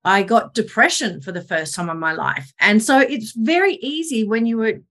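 A woman's voice: a little high, moderate pace. Candid woman in her forties, video call. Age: 40s. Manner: open, animated storytelling with self-mocking asides. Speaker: podcast guest. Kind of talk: candid conversational interview.

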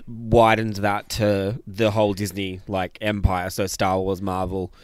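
Hesitant man, lowish voice. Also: little pitch movement, unhurried, clean tone, no room sound. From Australia. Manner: hesitant, trails off, self-deprecating. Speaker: podcast panelist. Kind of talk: casual podcast chat.

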